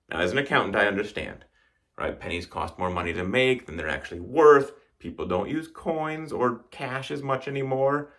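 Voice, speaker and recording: A man's voice: medium pitch, fairly bright tone. Wry man from Wisconsin doing stand-up. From northern Wisconsin, United States. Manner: dry wry delivery, acting out quoted voices. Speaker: stand-up comedian. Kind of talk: stand-up comedy routine.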